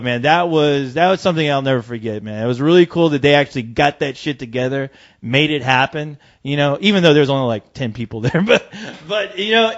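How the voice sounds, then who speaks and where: A man in casual podcast chat, spinning an animated, profane yarn with easy laughs. His voice sits slightly high. The recording sounds dull and lo-fi. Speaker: co-host.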